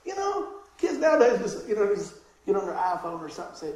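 A middle-aged man, a pastor, preaching a sermon and telling a childhood story, animated and laughing, with voices for the people in it. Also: high-pitched, quick pace. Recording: very echoey hall.

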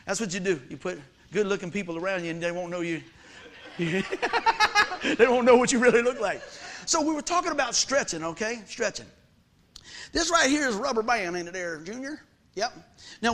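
A man preaching a lively sermon, calling out questions to the congregation and repeating his key phrases. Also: sits high, moderate pace.

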